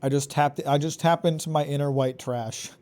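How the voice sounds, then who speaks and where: A man streaming a video game live, reacting excitably, swearing and taunting the enemies he fights. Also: fairly high pitch, normal speed. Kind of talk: live gameplay commentary.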